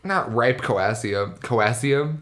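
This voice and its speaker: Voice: medium pitch, slow pace, fairly bright tone. A young adult co-host in casual podcast chat, joking with camp slang and breaking into laughter while watching a movie.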